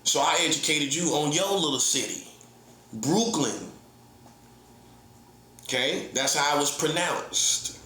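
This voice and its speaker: Middle-aged guy ranting like a preacher, combative and repetitive, kinda high voice, roomy echo. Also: lively intonation, slow pace, long pauses, sharp tone. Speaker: self-styled prophet. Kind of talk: heated online monologue. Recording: echoey room.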